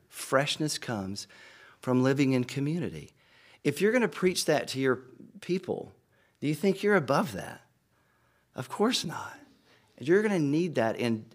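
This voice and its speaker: Speaking in a mid-range voice, a middle-aged pastor preaches to his fellow pastors. He is earnest and tells stories in a conversational way, frequently repeating words.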